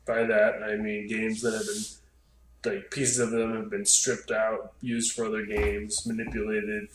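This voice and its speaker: A man co-hosting a casual podcast chat, animated and quick to imitate sounds. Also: on the low side. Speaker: podcast co-host. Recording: roomy with faint noise.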